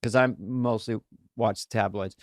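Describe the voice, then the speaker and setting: A man's voice: lowish voice, steady tone, moderate pace, no room sound, studio quality. A man co-hosting a podcast, musing earnestly in casual chat and slipping into impressions. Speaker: podcast co-host.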